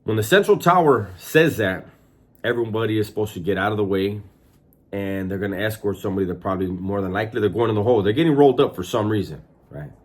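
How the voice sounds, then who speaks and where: A man's voice: lowish voice, expressive, fast talker. A man, a former prison inmate, casually telling a story with profanity and acted-out voices.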